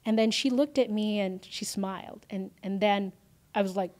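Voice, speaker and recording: A woman's voice: medium pitch, moderate pace. A woman, a guest in an interview, telling an emotional personal story with many fillers and acted-out quotes. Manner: animated, lots of fillers, acts out quoted lines.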